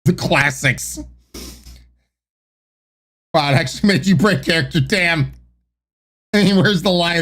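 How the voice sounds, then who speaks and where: A man streaming live, chatting casually and mocking his own corny jokes. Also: a little high. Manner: wry, self-mocking, sighs and laughs.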